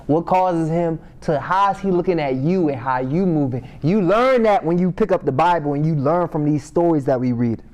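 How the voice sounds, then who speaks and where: A man's voice: a little high, moderate pace, hardly any pauses, darkish tone. A man leading a casual Bible study, reading scripture aloud and riffing on it in a slangy, conversational way. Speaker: Bible class teacher. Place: Sabbath class meeting room.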